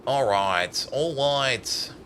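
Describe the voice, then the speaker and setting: A man streams a building game, rambling casually as he thinks aloud and chats with viewers, his speech full of "like" and "uh." His voice is medium-pitched and a bit bright, with drawn-out words. A little hiss or hum sits in the recording.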